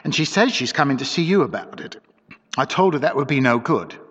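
A man voicing a quiet, scheming woman servant. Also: medium pitch, expressive, husky. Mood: falsely deferential. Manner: quiet, measured, outwardly respectful. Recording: dull lo-fi recording with long reverb.

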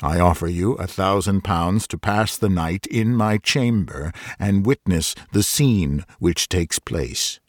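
A man voicing a doomed, pale stranger who speaks in a hollow, distant low murmur, calm and grave. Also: slow pace, few pauses, dry recording, clean studio sound. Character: doomed pale middle-aged man summoned by dead. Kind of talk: scripted narration of a Victorian ghost story.

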